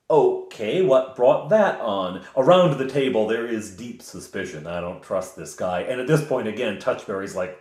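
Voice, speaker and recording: Animated male game master telling a story. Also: mid-range voice, moderate pace. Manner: animated storytelling, chuckles often. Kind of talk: recounting a tabletop game session. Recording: roomy echo.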